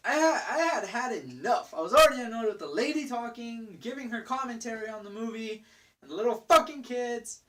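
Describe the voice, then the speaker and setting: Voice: mid-range voice, animated, a little fast, fairly bright tone. A young adult vlogger telling an exasperated story in a casual rant, swearing freely and using lots of fillers. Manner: profane, exasperated ranting with fillers.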